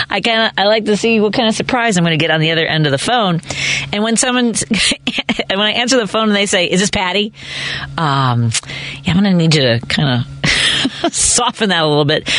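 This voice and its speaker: A woman's voice: low-pitched, a bit bright. A woman hosting a talk radio show, chatty and conversational, laughing and acting out little quoted phone calls. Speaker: radio host.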